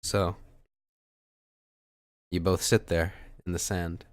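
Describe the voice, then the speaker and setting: A man running a tabletop game as dungeon master, narrating in a slow, laid-back way with casual fillers. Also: low-pitched, little pitch movement, dry recording, clean studio sound.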